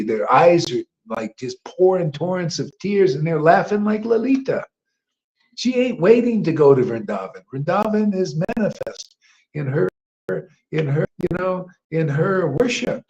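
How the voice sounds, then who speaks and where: A man giving an informal devotional sermon, rambling and emphatic, dropping to hushed asides and rising to loud outbursts, with slangy "man" and "you know" throughout. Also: high voice, lo-fi sound. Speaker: devotional teacher leading a chanting gathering.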